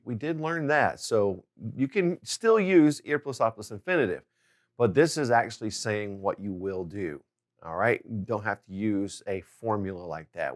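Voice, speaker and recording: Low-voiced man teaching a patient lesson. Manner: patient, step-by-step explaining with frequent "okay?" check-ins. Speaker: language teacher. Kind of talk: video lesson.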